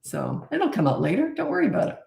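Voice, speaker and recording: A woman's voice: on the high side, wildly swooping pitch, fast talker, gravelly, a little mellow. A middle-aged woman who is a parenting coach, giving blunt, confident advice on a casual live stream. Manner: blunt, confident, acts out quoted dialogue. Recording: echoey room.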